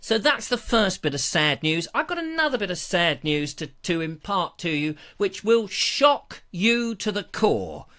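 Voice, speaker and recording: A man's voice: sits high, sing-song, unhurried, hardly any pauses, sharp tone. A middle-aged man hosting a casual live chat, jokey and theatrical, on a lapel mic. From England. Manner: theatrical, jokey, slips into funny voices. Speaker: host of an explorer channel.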